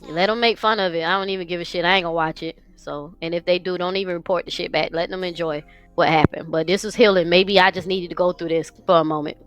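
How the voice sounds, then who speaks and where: A woman's voice: lowish voice, steady tone, fast, soft background music. A woman streamer venting through tears, swearing heavily, speaking. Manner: crying, swearing, raw. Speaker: live streamer. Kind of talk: emotional livestream rant.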